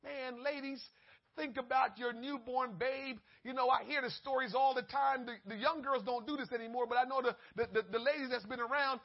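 A male preacher giving a sermon, swinging between loud exhortation and hushed asides, on a dull lo-fi recording. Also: extremely high pitch, steady tone, brisk, vocal fry.

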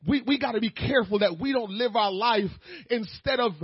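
High-voiced male preacher, husky, shouting. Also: dry recording, highs cut off. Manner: swings from quiet talk to shouted, crying preaching; fills pauses with "uh". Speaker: pastor. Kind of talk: sermon.

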